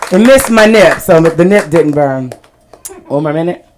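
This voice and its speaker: A woman's voice: sits low, expressive, normal speed, slight background noise. Woman telling stories at a comedy mic. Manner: storytelling, laughs at her own jokes, frequent fillers. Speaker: stand-up comedian. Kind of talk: stand-up set at an open mic. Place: small comedy club stage.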